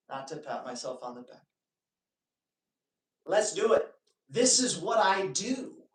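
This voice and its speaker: Man talking in an echoey room. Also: fairly high pitch. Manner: animated storytelling, joking asides. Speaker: dog trainer hosting a live Q&A. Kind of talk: casual live-stream talk. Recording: echoey room, distant mic.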